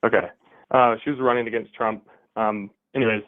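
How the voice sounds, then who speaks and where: A man debating politics over a call, hesitant and halting, full of fillers. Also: on the low side, fairly even intonation, no room sound. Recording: tinny phone-like line.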